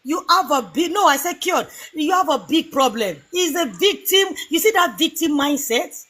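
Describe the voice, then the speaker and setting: High-voiced Nigerian woman, defiant. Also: expressive, normal speed, a bit bright. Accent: Nigerian Yoruba. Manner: defiant, lecturing, repeats herself. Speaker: live debate participant. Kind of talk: heated live-stream argument.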